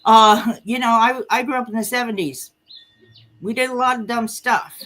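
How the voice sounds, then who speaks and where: A woman's voice: a little high, moderate pace. A woman, a guest speaking bluntly and candidly in a casual podcast conversation. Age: 60s. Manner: blunt, candid, lively storyteller.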